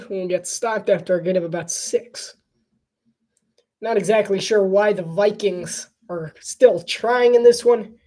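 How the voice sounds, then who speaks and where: A woman giving casual live commentary on a football game, chatty and playful and quick to laugh. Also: mid-range voice, mellow.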